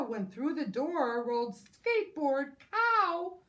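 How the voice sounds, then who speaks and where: Woman preschool teacher, high voice, lively sing-song, unhurried storytime reading. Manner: animated, exclaiming, sing-song. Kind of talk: reading a picture book aloud to children.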